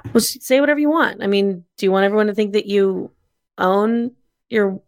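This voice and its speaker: A woman's voice: medium pitch, fairly quick, no echo, clean studio sound. Female co-host, casual chat, wry and agreeable, mid-range voice.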